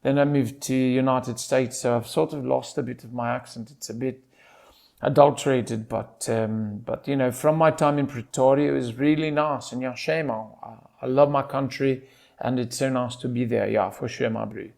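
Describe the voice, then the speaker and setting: A man's voice: medium pitch, fairly even intonation, moderate pace, creaky, darkish tone, pitched below the performer's own voice, natural voice. A man voicing an easygoing South African man from Pretoria, with a put-on South African accent and a laid-back manner that keeps circling back to stock phrases. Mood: wistful.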